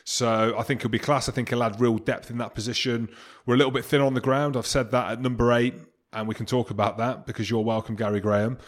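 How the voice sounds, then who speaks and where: A man's voice: mid-range voice, steady tone, fast. A man from England co-hosting a casual podcast, bantering in a jokey, self-mocking way. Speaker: podcast co-host.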